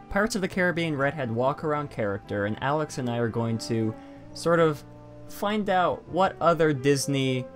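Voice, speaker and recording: A man hosting a casual podcast, chatting loosely and poking fun at himself as he reads out quotes. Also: medium pitch. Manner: chatty, self-deprecating, reads quotes aloud. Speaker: podcast host.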